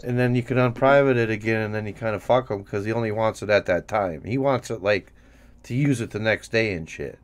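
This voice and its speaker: A man's voice: fairly low pitch, a little fast. A man hosting a casual profane chat show with a Minnesotan accent, rambling and laughing as he mocks others. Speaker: host.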